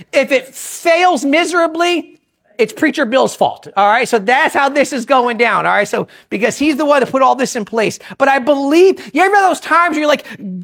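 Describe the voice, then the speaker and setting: A visiting preacher, a man with a very high, fairly bright voice and some vocal fry, gives a sermon by telling stories conversationally. He tosses in joking asides, repeats phrases and keeps interrupting himself.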